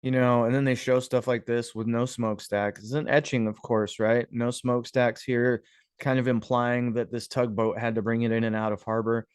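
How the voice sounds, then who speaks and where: A man's voice: medium pitch, level tone, moderate pace, smooth, dry recording, clean studio sound. A man casually commenting on old images and clippings, musing aloud, with sarcastic asides and frequent chuckles. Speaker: history video host.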